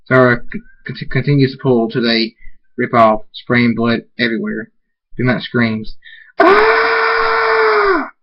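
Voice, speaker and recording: Man, amateur story reader, halting, restarts words, mid pitch, dull lo-fi sound. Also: little pitch movement, a little hiss or hum. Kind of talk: reading fan fiction aloud.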